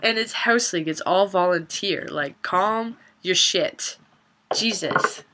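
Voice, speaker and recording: Bright-voiced young woman telling a story. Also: fairly low pitch, slow pace. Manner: chatty, swears, laughs through the story. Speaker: vlogger. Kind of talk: casual storytelling vlog.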